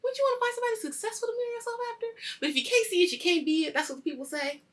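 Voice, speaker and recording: A woman hosting a weekly show, casually reviewing a TV episode, animated and swearing freely as she acts out the scenes. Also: very high-pitched, rapid-fire. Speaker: host of a weekly culture show.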